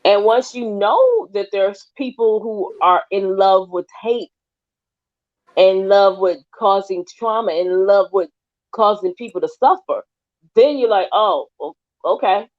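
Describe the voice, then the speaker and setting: A woman talking in a casual podcast chat, emphatic and animated, sometimes drifting off topic. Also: mid-range voice, measured pace. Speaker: guest. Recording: dull lo-fi audio.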